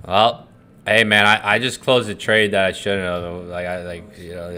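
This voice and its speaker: A man hosting a live trading stream, chatting loosely and swearing, swinging from hyped call-outs to low muttering. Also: flat delivery, unhurried, bright, forceful tone. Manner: loose and profane, swings between hype and muttering. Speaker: forex trading livestream host. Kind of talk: casual live-stream chat.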